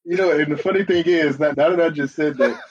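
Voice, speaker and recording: Husky-voiced joking man co-host. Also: fairly high pitch, quick pace. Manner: playful, joking, asks questions. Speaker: podcast co-host. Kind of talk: casual chat. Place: studio. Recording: slightly dull, muffled sound.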